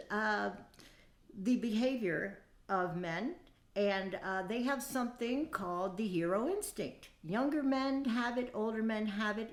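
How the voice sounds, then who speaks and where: A woman in her fifties hosting a casual dating-advice talk, chatty and folksy, with many fillers and asides. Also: mid-range voice. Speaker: podcast host. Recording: echoey room.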